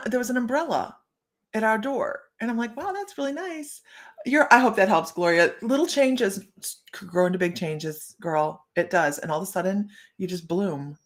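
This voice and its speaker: A woman hosting a psychic live stream, telling stories in a bubbly, rambling way and laughing often. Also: mid-range voice. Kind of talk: casual live-stream chat.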